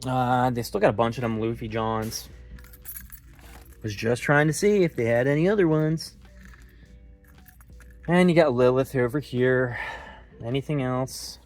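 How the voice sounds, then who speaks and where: A young man with a Philadelphia accent talks casually to his phone camera while he browses store aisles. His slangy chatter jumps to excited bursts, and his voice sits in a middle range. Faint music plays behind him. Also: mid-range voice, normal speed, pauses often. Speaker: vlog host. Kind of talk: casual walk-through vlog.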